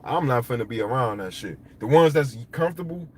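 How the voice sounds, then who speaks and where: A man talking to camera in a rambling, profane, animated monologue. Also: medium pitch, brisk, slightly rough. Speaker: vlogger. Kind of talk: casual monologue.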